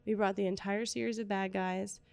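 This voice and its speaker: Chatty mom with a gravelly voice. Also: female voice, mid-range voice, little pitch movement, brisk, a little mellow, no echo. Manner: chatty storytelling, acts out quoted exchanges. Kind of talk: casual chat.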